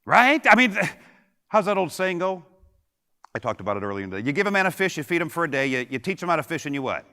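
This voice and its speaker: Before an audience in a big conference hall, a middle-aged man gives a motivational keynote full of jokes, punch and rhetorical questions. His voice is a little high, sing-song, fast, pushed and bright with a clean tone, though the hall adds a long reverb.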